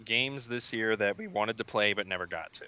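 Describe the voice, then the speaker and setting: A man's voice: on the low side, normal speed, bright, forceful tone, muffled recording. A young man co-hosting a gaming podcast, dry and wry, keeping the chat on track. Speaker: podcast co-host. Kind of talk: casual chat.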